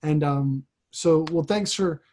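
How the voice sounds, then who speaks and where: A man, a priest hosting a podcast, talking casually and haltingly, often repeating words as he thinks. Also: fairly high pitch, mellow. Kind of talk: casual conversation.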